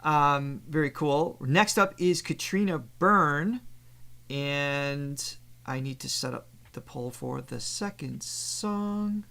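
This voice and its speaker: A man's voice: a little high, slow pace, creaky, sharp tone. A man co-hosting a live reaction stream as a vocal coach, casually reading out facts and poll options and laughing easily.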